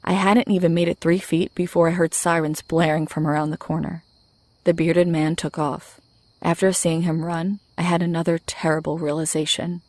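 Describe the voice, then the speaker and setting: A woman narrating a horror story in the first person, in a measured, low-key way. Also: little pitch movement, darkish tone, no room sound.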